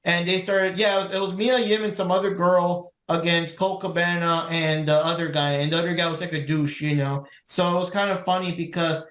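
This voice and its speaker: A man co-hosting a podcast in casual chat, his voice quite high for a man. He rambles in a laid-back way and keeps restarting his sentences. The recording sounds roomy and echoey. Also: level tone, fairly quick, hardly any pauses, a bit bright. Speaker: podcast co-host.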